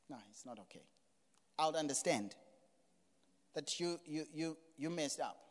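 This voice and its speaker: Middle-aged male pastor preaching, big swings. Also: fairly high pitch. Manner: animated preaching, swings from quiet to loud exclamations. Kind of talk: sermon. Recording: reverberant hall.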